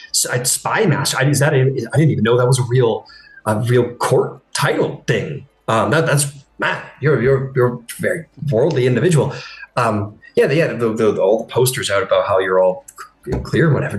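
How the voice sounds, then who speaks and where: A man's voice: mid-range voice, echoey room, lightly acted, poor audio. A man voicing a chatty, easily impressed male neighbor who rambles and stumbles over his words.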